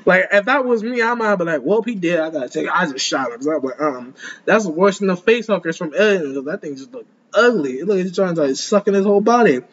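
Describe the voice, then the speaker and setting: A man's voice: sits high, expressive, quick pace, a bit bright, husky. A young man giving casual reaction commentary, rambling with slangy talk and stammering restarts. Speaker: anime reaction host. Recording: dull lo-fi sound with faint room ambience.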